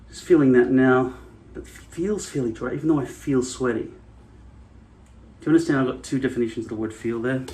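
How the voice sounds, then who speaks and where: A man talking casually to his camera as a vlogger, rambling from thought to thought in a middle-pitched voice. His talk is frank and loose, with a curse word dropped in here and there. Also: darkish tone.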